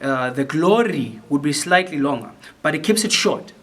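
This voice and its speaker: A man's voice: fairly high pitch, lively intonation, moderate pace, a bit bright. A man conducting a choir rehearsal, explaining phrasing and sometimes singing lines to demonstrate, with many restarts and fillers. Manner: repeats words while thinking, many fillers. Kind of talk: choral rehearsal instruction. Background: piano.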